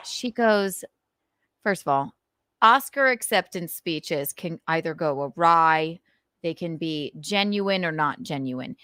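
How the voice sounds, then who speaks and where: A woman hosting a casual live stream, animated and swearing as she acts out scenes. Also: low-pitched, smooth. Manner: animated, swearing, acting out scenes with quick voices. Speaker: podcast host.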